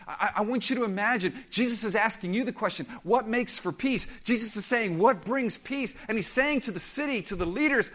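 A man's voice: high-pitched, brisk, few pauses, fairly bright tone. A man preaching a sermon as pastor, impassioned and emphatic, acting out quoted voices.

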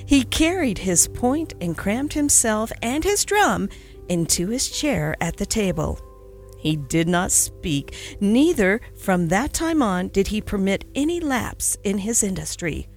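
Brief: woman storyteller, lively animated reading, soft music bed. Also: mid-range voice, measured pace. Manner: expressive, dramatic narration. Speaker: podcast narrator.

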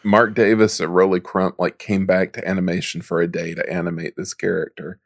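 Low-voiced man in casual chat. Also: little pitch movement, fairly quick, creaky, dry recording, studio quality. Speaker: podcast co-host.

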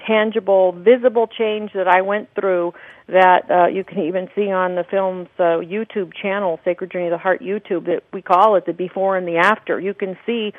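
A woman's voice: mid-range voice, fairly even intonation, moderate pace, no room sound. Woman on a tinny phone line. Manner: earnest, explanatory, laughs often. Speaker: guest, documentary producer and spiritual teacher. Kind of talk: radio interview.

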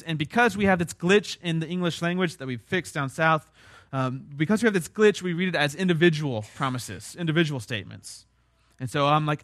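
A young man delivers a sermon in a relaxed, conversational style. He leans on key words with emphasis as he explains, his voice sitting a little high. The sound is close and dry, with no room echo. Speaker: pastor.

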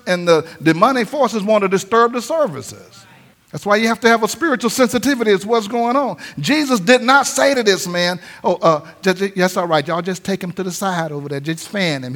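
High-voiced pastor, animated sermon, acts out voices. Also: male voice. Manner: lively preaching, acts out voices, laughs often. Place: church sanctuary.

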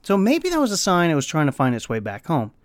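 A man tells a long, rambling story in an animated vlog style, his voice swinging widely up and down. He swears now and then and sometimes breaks into squeaky bird noises. The recording is dry and close, with almost no room sound. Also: fast talker, dry recording. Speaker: vlogger. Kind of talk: casual storytelling.

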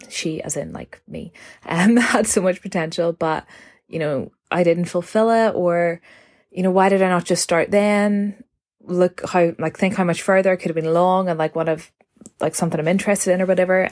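A woman's voice: lowish voice, darkish tone. A twenty-five-year-old woman hosting her own podcast, talking casually and rambling with lots of "like" and self-corrections, recorded on her phone. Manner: chatty, rambling, heavy use of "like", self-correcting. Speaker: podcast host. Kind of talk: casual solo podcast chat.

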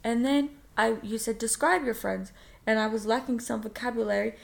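A woman with a fairly high voice learns a language on a casual podcast. She is chatty and playful and teases her tutor. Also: fairly even intonation, normal speed, gravelly. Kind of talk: casual language-lesson chat.

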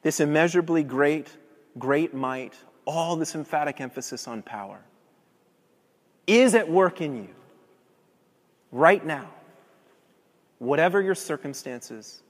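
High-voiced preacher in a reverberant hall. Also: male voice, lively intonation, measured pace, long pauses. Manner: swells loud and emphatic, then drops soft and low. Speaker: pastor. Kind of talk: sermon. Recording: long reverb of a large hall.

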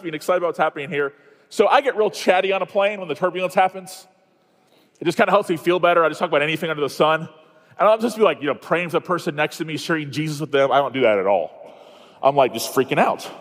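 Chatty preacher in an echoey hall. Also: male voice, high voice. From Iowa, USA. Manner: chatty, self-mocking, quick asides and restarts. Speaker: conference speaker. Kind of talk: storytelling sermon.

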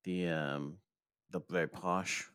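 A man's voice: deep voice, fairly even intonation, slow, fairly bright tone, clean tone, dry recording, clean studio sound. A man improvising a comedy bit as an agent, rambling and hesitant with lots of fillers. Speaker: improv performer playing a polygraph agent.

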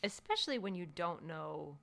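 A woman's voice: lowish voice, sing-song, normal speed, gravelly, a bit bright. A woman co-hosting a podcast, talking reflectively in casual chat and laughing often. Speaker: podcast co-host.

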